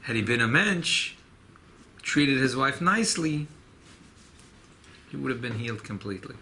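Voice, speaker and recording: Rabbi leading a class, gravelly voice with a bright edge, animated storyteller, faint hiss behind. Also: male voice, medium pitch, moderate pace. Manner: animated storyteller, mixing Hebrew and Yiddish terms. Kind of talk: informal Torah class with storytelling.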